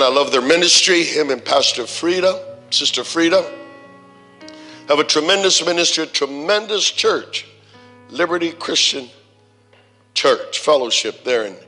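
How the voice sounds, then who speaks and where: A man's voice: fairly high pitch, measured pace, pauses often, bright, forceful tone. A man, a pastor joking with the congregation as he introduces a guest preacher. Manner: joking, teasing banter with the congregation. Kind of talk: church service welcome and introduction. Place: church sanctuary. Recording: long church-hall reverb with music.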